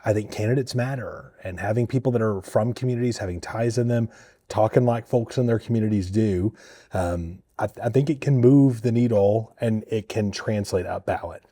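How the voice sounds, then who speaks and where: Blunt, husky-voiced man in dry close sound. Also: fairly low pitch, moderate pace, dark tone, no echo. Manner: candid, blunt, mildly profane. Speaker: state party chair. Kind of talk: political interview conversation.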